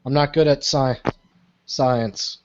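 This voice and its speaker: A man's voice: mid-range voice, fairly even intonation, slow pace. A man playing in a tabletop game, blunt and stammering. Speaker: player. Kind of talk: in-character tabletop play. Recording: dull lo-fi mic with faint hiss.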